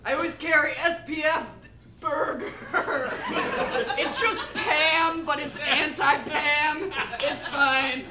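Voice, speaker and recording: A woman's voice: sits high, slow, noisy background. A woman playing Hank, a brash movie star. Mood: swaggering. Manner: boastful, swearing, rambling. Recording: echoey room, laughing audience.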